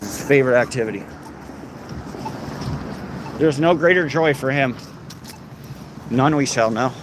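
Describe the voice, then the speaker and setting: A man's voice: mid-range voice, a little slow. A man hosting a casual livestream and reading out comments, with crude, mock-threatening jokes. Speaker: livestream host. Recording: noisy outdoor background.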